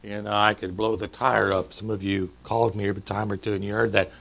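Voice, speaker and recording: Middle-aged pastor with a gravelly low voice. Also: male voice, little pitch movement, fairly quick, a bit bright, poor audio. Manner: conversational and joking, quizzing the congregation. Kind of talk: sermon. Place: church sanctuary.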